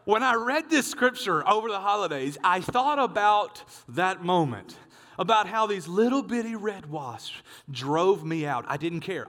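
Brief: high-pitched male preacher, animated storyteller, big church hall reverb. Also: a little slow. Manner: animated storyteller, acts out dialogue. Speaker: pastor. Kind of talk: sermon with storytelling.

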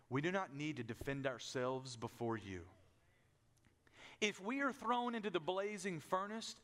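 A man with a high voice preaching a sermon. He builds force through repeated phrases and questions to the congregation, swinging between loud declarations and low, quiet passages. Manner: preaching with rising and falling intensity, repetitive cadences. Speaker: pastor.

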